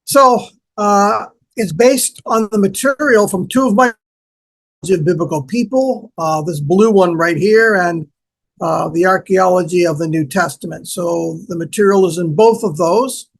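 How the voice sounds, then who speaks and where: A Canadian man with a Canadian accent, a guest explaining things in a relaxed, friendly way with small hesitations. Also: high voice, a little slow, gravelly, rough recording. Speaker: guest archaeologist. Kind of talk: interview chat and explanation.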